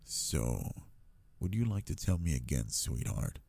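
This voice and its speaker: A man playing a gravelly, deep-voiced possessive alpha lover. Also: big pitch swings, measured pace, mellow, dry recording, heavily acted. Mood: teasing. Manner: teasing, low and intimate. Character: possessive, doting adult male alpha lover. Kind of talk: intimate audio role-play.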